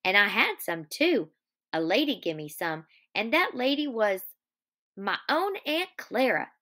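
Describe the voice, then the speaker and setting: A woman's voice: on the high side, big pitch swings, slow, bright, forceful tone, heavily acted. A woman reading as a childlike farmhand man. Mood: eager. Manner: pleading, childlike. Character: simple-minded big farmhand man, childlike and earnest.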